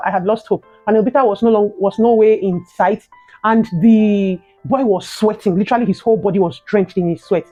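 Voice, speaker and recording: A young adult woman with a Nigerian accent and a mid-range voice tells a personal story in her vlog, animated and emotional, closing with prayerful encouragement. The audio sounds dull.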